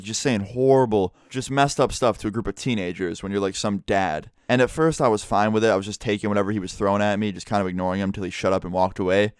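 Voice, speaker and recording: Brief: young male vlogger, quick, crisp delivery, casual and profane. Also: fairly low pitch, no room sound, studio quality. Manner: animated, casual, swears freely. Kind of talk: casual storytime.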